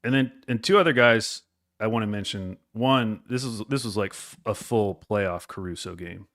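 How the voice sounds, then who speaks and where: A man co-hosting a podcast in casual sports chat, easygoing and quick to laugh. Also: fairly low pitch, fairly bright tone. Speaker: podcast co-host.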